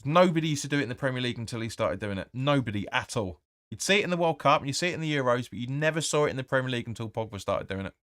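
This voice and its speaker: Blunt, sweary football fan host. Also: male voice, medium pitch, expressive, racing, hardly any pauses, a bit bright, no echo, studio quality. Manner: blunt and opinionated, swears, reads viewer comments aloud. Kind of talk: live match watch-along commentary.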